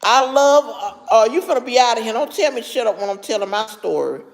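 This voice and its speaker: A woman's voice: on the high side, animated, fast, long reverb tail. A middle-aged woman with heavy, labored breathing tells a story to her live chat, stopping now and then to answer viewers by name. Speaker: livestream host.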